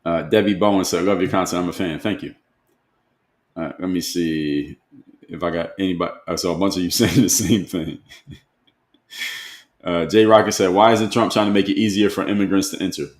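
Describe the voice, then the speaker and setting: A man's voice: sits low, fairly even intonation, fairly quick, pauses often. A man hosting a live stream, reading viewer comments aloud and answering them in a conversational way, often repeating rhetorical questions. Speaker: host. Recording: roomy echo.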